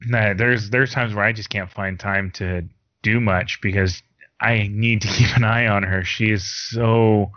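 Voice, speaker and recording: A man's voice: lowish voice, fairly even intonation, a little slow, no room sound. A man hosting a podcast, chatting casually and laughing easily, swinging his voice when he quotes people. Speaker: podcast host. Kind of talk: casual chat. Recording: dull dry sound.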